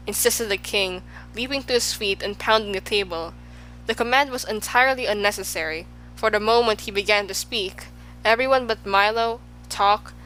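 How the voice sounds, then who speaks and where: A woman reading a children's novel aloud as an audiobook narrator, in a steady, clear storybook voice. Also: mid-range voice, slight background noise, low-quality recording.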